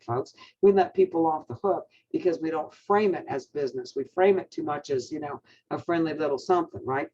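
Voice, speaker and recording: A man coaching his sales team on a call, energetic and encouraging, with many fillers and restarts. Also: fairly high pitch. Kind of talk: team call pep talk. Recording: dull lo-fi call audio.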